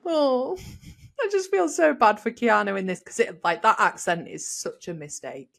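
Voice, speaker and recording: A woman hosting a podcast, chatting in an animated way and laughing often as she reviews a film. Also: medium pitch, moderate pace, vocal fry, a little hiss or hum. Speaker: podcast host. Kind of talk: casual film review chat.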